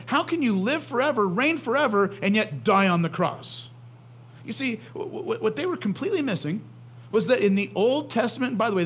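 A man's voice: high voice, breathy edge. A male pastor preaching a sermon, often repeating words as he restarts his phrases. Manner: frequent stammering restarts.

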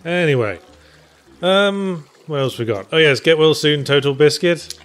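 A man with a British accent co-hosting a casual chat over gameplay, making dry, deadpan jokes. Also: on the high side, unhurried. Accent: British English. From England. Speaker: co-host.

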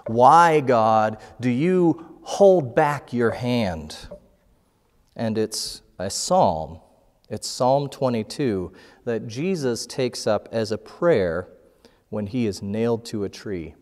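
A man preaching a sermon as pastor, slow and measured, reading scripture passages aloud. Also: medium pitch, animated, darkish tone, big-room sound. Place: church sanctuary.

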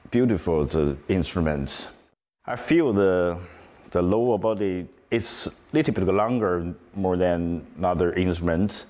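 Man, clarinetist, very deep, slow, halting. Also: a little mellow. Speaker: clarinetist giving feedback.

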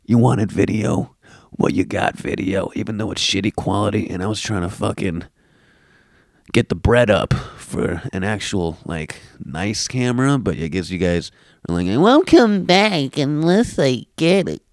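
A young man from Queens, New York, hosting his own comedy podcast, ranting in a brash, mocking, profane way with a smooth deep radio voice, recorded on a laptop mic. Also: moderate pace, dry recording, clean studio sound. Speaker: podcast host. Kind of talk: comedic solo podcast rant. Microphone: laptop camera mic.

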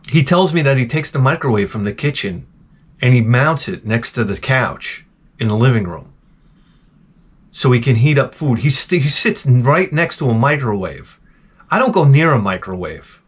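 A middle-aged man rambles through a comedic rant, blunt and foul-mouthed, cracking wise as he goes. His voice sits at an everyday middle pitch. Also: a bit bright, slightly rough. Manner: profane, blunt, wisecracking. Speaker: retro game channel host.

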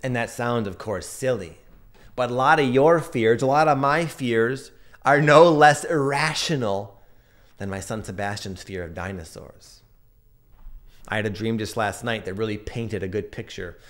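Man, thirties, earnest and reflective, casual astrology talk, mid-pitched voice. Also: measured pace, fairly bright tone. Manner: earnest, reflective, tells personal anecdotes. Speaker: astrology and energy reader. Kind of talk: casual spoken astrology update.

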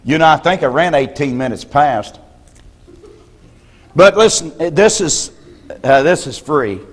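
An older man preaches a sermon in a folksy, storytelling way, pausing often to clear his throat. His voice sits fairly high for a man. The sound rings with the long reverb of a church hall. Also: lively intonation. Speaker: pastor.

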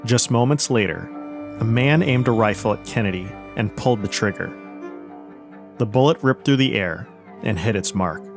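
Low-voiced man narrating history. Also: over music. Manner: steady, measured storytelling. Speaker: podcast host.

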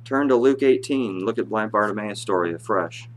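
A male pastor preaching a sermon in church, reading scripture aloud in a rising voice and dropping low to explain it. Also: moderate pace, slight background noise.

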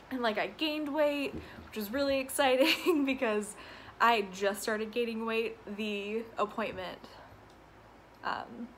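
A woman's voice: medium pitch, a bit bright, a little hiss or hum, rough recording. A woman hosting her own podcast from her apartment, chatting casually and rambling, often laughing, out of breath and stuffy from allergies. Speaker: podcast host. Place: home apartment with windows open.

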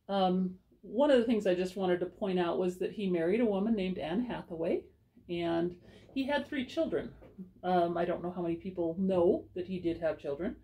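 A woman giving an informal library talk on poetry, explaining in a conversational way and reading verse aloud slowly and deliberately. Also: on the low side, mellow.

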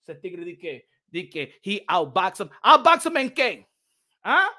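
Man from new york, heated bilingual rant, high voice, bright tone, mocking. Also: a little slow. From New York City. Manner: animated, mocking, switches between English and Spanish. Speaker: boxing commentator. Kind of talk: heated rant mixing English and Spanish.

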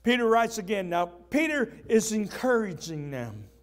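A pastor preaching with a striking high-pitched voice. He builds his sermon with fervor and breaks into shouting at the big moments. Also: sing-song, moderate pace. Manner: impassioned preaching, shouting at peaks.

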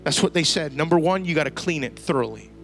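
A man preaching a sermon to a church congregation, telling a lively story and using casual slang. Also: a little high, fast, soft background music. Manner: storytelling, animated, slangy asides. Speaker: pastor. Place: church service before a congregation.

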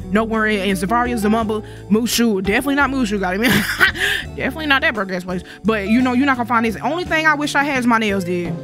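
A young adult gaming YouTuber giving casual gameplay commentary, sassy and rambling, full of profane trash talk. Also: mid-range voice.

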